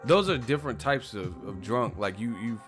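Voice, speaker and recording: A man's voice: medium pitch, expressive, moderate pace, a bit bright, faint music behind. A man in his thirties, hosting a live stream, chats loosely and profanely, rambling and laughing as he reacts to viewer comments. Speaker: boxing stream host. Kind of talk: casual live-stream chat reading comments.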